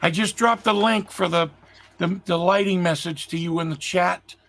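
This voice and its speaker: High gravelly man, eager to help. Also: normal speed, a bit bright. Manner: enthusiastic, helpful. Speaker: call-in guest. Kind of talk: casual call-in chat.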